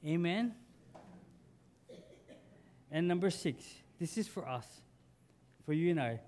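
A man's voice: on the high side, animated, unhurried, long pauses, a little mellow. A man preaching a sermon as pastor, conversational, asking his congregation questions and building to emphatic lines.

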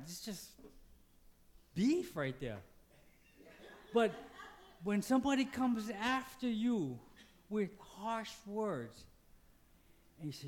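A pastor preaching with a slightly high voice that takes his time. He talks to the congregation like a conversation, throws them questions and acts out quotes with sudden leaps up and down. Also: lively intonation, slow, long pauses, a little mellow, slight background noise. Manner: dynamic, acts out quotes with big pitch jumps. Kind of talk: sermon.

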